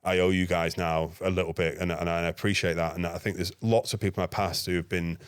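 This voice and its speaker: A man, a podcast guest, telling a lively anecdote and acting out his own dialogue. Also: deep voice, fast talker, clean tone, dry recording, clean studio sound. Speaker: guest, NGO security manager. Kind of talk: casual podcast storytelling.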